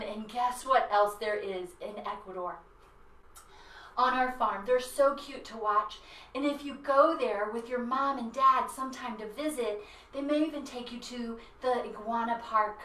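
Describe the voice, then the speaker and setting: A woman's voice: sits high, fairly bright tone. A woman guiding a children's yoga class in a playful, encouraging way. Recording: roomy echo, mic at a distance.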